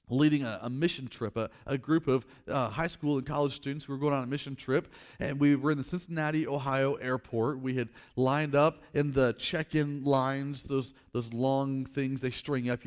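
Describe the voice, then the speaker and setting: Animated storytelling preacher man. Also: mid-range voice. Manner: animated, acts out scenes, drops quiet for emphasis. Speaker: pastor. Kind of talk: sermon with storytelling.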